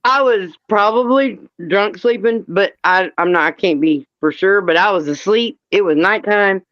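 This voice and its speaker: A woman's voice: mid-range voice, moderate pace, fairly bright tone, no echo, muffled recording. A woman co-hosting a casual chat show, telling stories in a blunt, profane, laid-back way. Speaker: co-host.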